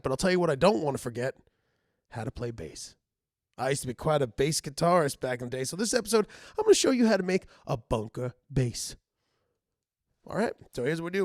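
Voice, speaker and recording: A man playing a chipper bunker dweller and former bar bassist, talking in a folksy, rambling comedy monologue that keeps interrupting itself. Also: no echo, studio quality. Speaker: comedy character host.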